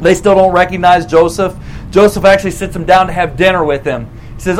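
High-voiced man preaching in casual storytelling. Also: slight background noise, rough recording. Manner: animated, casual retelling with quick acted quotes. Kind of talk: storytelling sermon.

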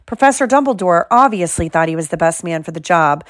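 A woman's voice: on the low side, animated, fairly quick, no echo, clean studio sound, lightly acted. A woman voicing an earnest, clever schoolgirl in an audiobook, speaking precisely and a little anxiously. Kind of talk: audiobook character voice.

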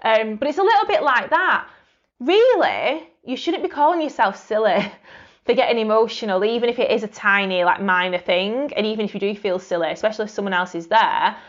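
A woman's voice: mid-range voice, fairly quick, dull audio. A woman hosting a solo podcast, talking reflectively and conversationally with lots of fillers and restarts. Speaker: podcast host.

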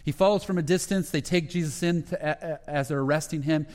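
A pastor telling a Bible story as a sermon, acting out the quoted lines and growing hushed at the tender moments. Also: male voice, a little high, fast. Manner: retells scripture with quoted dialogue, dropping to a hushed voice at emotional moments. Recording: long hall reverb.

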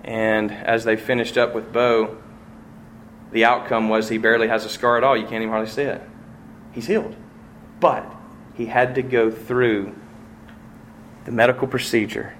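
Man, middle-aged pastor, sermon, mid-pitched voice, acted-out stories, faint background noise. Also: level tone, normal speed, pauses often. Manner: storytelling with vivid acted-out quotes and swings in loudness.

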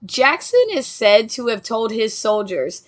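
A woman's voice: fairly high pitch, sing-song, a little slow. A young woman casually narrating a ghost story, with joking asides to her listeners.

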